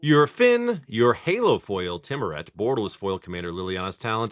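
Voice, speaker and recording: A man hosting a live stream, rambling casually, swearing freely, and reading off card names in quick lists. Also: on the low side, big pitch swings, dry recording. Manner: rambling, swears freely, laughs often at chat. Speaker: live-stream host opening card packs.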